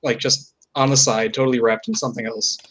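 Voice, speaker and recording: A young man co-hosting a podcast, telling a work story in a deadpan, casual way, with some swearing. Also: medium pitch, fairly quick, rough recording. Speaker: podcast co-host. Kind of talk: casual chat.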